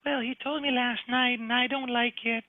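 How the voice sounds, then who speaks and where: A workshop participant voicing a prim, skeptical middle-aged wife in a sales role play. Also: male voice, very high-pitched, little pitch movement, normal speed, no echo. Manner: prim, disapproving. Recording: tinny call audio.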